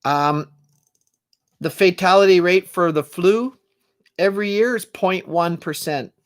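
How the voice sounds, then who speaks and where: A man's voice: high voice, measured pace, clean tone. A man hosting a live stream as a singer-songwriter, chatting casually and jokingly between songs and reading viewer comments aloud.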